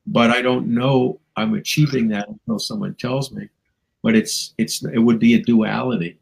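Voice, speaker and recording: A man's voice: mid-range voice, moderate pace, creaky, husky, poor audio. A man, a spiritual teacher and guest, musing reflectively in a talk show conversation, with chuckles and playful asides.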